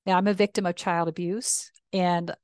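A woman's voice: lowish voice, little pitch movement, normal speed, clean tone, dry recording, studio quality. A middle-aged woman, a reverend hosting a podcast and sharing personal memories in a confessional, storytelling way. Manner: warm storytelling, confessional, with acted quotes. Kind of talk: personal reflective talk.

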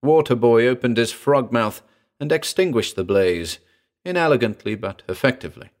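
A man's voice: mid-range voice, lively intonation, moderate pace. A man narrating a comic pulp story in a wry first-person reading. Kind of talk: audiobook reading.

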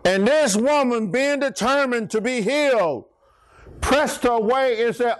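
Preacher, male, high and unhurried, storytelling sermon with exclamations. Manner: animated storytelling with call-and-response exclamations.

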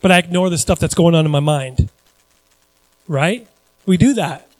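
A man preaching as a pastor, his voice sitting high and full of animation. He jumps from loud, stressed lines to hushed asides and acts out the voices of the people he quotes. The sound is close and dry, with no room around it. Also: normal speed, no echo, low-quality recording. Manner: animated, shifting between loud emphasis and quiet asides. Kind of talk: sermon.

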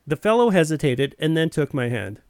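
A man's voice: on the high side, very animated, brisk, clear, resonant tone, dry recording, clean studio sound. A man telling a first-person story in a plain, wry narrating voice.

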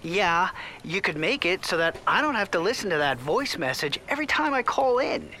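A woman's voice: lowish voice, very animated, normal speed, sharp tone, a little hiss or hum. A woman voicing an exasperated male caller, frustrated and complaining.

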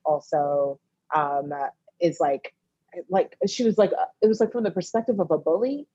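A woman's voice: sits low, lively intonation, normal speed, dark tone, slightly rough, dry recording, highs cut off. A woman television writer and producer chatting as a guest in an interview, telling stories animatedly and acting out what her friends say. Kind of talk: casual interview chat.

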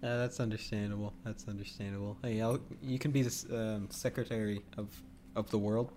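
A man's voice: fairly low pitch, steady tone, fairly quick, mellow, slight background noise. A man hosting a casual podcast chat, joking around, laughing often and stumbling over restarts. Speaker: podcast host.

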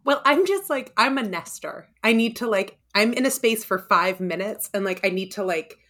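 A woman's voice: mid-range voice, animated, normal speed, a bit bright. Woman in her thirties telling a personal story. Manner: earnest, self-deprecating, emotional.

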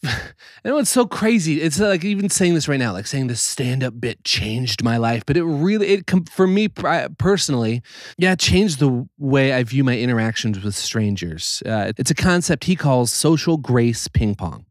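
A man's voice: mid-range voice, big pitch swings, moderate pace, dry recording, clean studio sound. A man narrating a casual vlog, earnest and rambling, restarting his sentences. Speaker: video host.

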